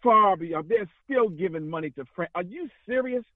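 A man's voice: high-pitched, lively intonation, moderate pace, no room sound. A man calling in to a radio talk show, speaking in a fiery, rambling way and often repeating himself. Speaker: caller. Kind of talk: impassioned call-in talk. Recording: tinny phone line.

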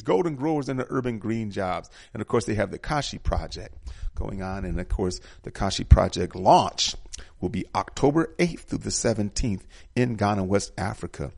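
A man's voice: on the low side, gravelly, darkish tone, dry recording, clean studio sound. A middle-aged man hosting a community show, reading program listings and sponsor announcements in an emphatic, repetitive manner. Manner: preacherly, emphatic, repeats key details. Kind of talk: radio-style community announcements.

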